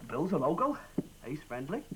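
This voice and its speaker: An actor playing a laconic local farmer whose family has farmed the land for generations, in a scripted language-course drama. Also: male voice, fairly high pitch, big pitch swings, moderate pace, fairly bright tone, slight background noise, low-quality recording. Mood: dry. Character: older male farmer, lifelong local.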